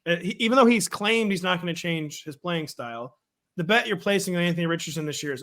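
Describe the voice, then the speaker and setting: A man leads a loose sports discussion in a voice pitched a little above most men's. He pokes fun at his own past calls and often breaks into chuckles in the middle of a thought. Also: expressive, fairly bright tone. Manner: quick, self-mocking, chuckles mid-sentence. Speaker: show host running the draft. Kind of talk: casual sports chat.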